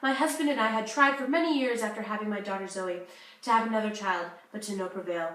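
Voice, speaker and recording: A woman's voice: medium pitch, fast talker, a bit bright, close to an everyday voice. A young woman with an American accent playing a journalist guest, speaking in an earnest, confessional way. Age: young adult. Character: American journalist woman living abroad, divorced. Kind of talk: school-project talk-show role-play. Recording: echoey room, distant mic.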